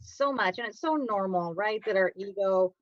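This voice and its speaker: A woman's voice: mid-range voice, moderate pace, no echo, dull audio. A woman co-hosting a talk radio show, speaking with enthusiastic encouragement to a caller. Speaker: radio co-host.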